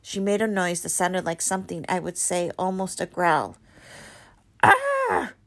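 A woman reading a novel aloud, expressive, with small slips and restarts. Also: on the low side, moderate pace. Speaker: reader.

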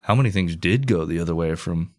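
A man with a fairly low voice reads out a historical account in a relaxed, conversational way. He keeps stopping for crude, offhand jokes with his co-host. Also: brisk. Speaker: podcast co-host narrating history. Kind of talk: casual history storytelling with banter.

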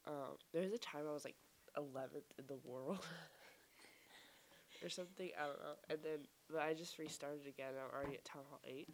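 Low-voiced, laid-back woman. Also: steady tone, a little fast, slight background noise. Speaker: podcast co-host. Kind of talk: casual chat.

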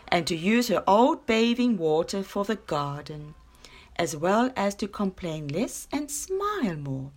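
Slow, expressive woman storyteller. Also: mid-range voice, slightly rough. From South Africa. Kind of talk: children's story reading.

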